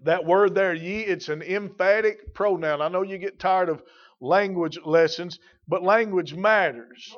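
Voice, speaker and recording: High-voiced emphatic male preacher. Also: measured pace, lo-fi sound. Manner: emphatic preaching, repeats key phrases. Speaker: pastor. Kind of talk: sermon.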